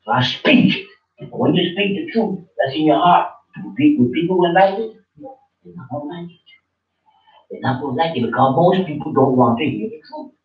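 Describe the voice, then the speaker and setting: A man delivers a fiery sermon in a scolding, swearing manner, hammering the same phrases again and again. His voice sits fairly high and leaps up and down in pitch. He sounds distant and muffled, caught in an echoey room. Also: expressive, moderate pace. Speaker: preacher.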